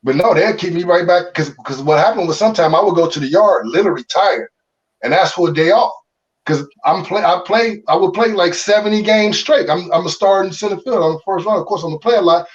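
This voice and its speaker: A middle-aged man from Chicago tells his baseball story in a loose, animated, slangy way, often restarting his sentences. His voice sits a bit high for a man. The recording sounds muffled and a little far from the mic. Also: brisk. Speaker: former pro baseball player, guest. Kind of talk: candid interview storytelling.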